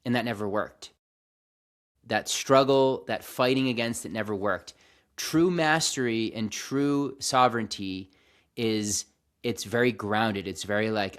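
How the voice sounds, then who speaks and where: A man hosting a reflective spiritual monologue, earnest and slow, speaking in a calming way with frequent restarts and some casual swearing. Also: lowish voice. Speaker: host.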